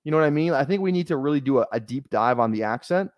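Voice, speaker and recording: A man's voice: mid-range voice, animated, racing, dry recording, highs cut off. A man streaming fantasy football drafts, chatting casually in a rambling, joking, self-deprecating way. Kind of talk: casual livestream chat while drafting.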